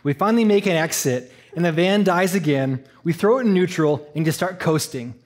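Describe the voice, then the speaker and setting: A man from Eastern Canada telling a personal story in a sermon, animated and laughing, acting out the voices. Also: on the high side, brisk. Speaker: church speaker.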